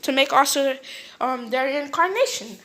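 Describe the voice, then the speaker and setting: A young woman casually retelling a fan-made story, rambling with many fillers and slipping into quick character voices. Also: high-pitched, lively intonation, pushed and bright, a little hiss or hum.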